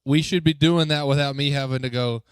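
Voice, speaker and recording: A man leading a youth group as its pastor, upbeat and joking, coaxing the crowd with quick questions. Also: mid-range voice, steady tone, clean tone, dry recording, studio quality. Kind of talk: lively talk to a youth group. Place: church youth room.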